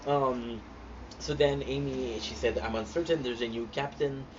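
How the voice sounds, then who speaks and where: A man recapping TV episodes in casual, excitable talk, gushing with lots of fillers and restarts. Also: mid-range voice, moderate pace. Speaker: host reacting to a TV series. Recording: dull lo-fi sound with clear background noise.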